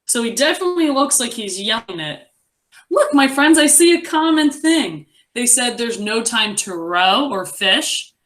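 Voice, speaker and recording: A young adult woman teaching a reading lesson to a class, encouraging and expressive as she reads aloud. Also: a little high, unhurried.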